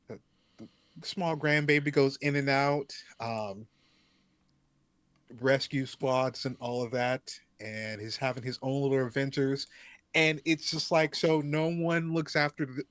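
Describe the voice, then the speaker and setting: Man, game master, slow, hesitant, plenty of ums, dry close sound. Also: mid-range voice, fairly bright tone, no echo. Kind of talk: narrating a tabletop game.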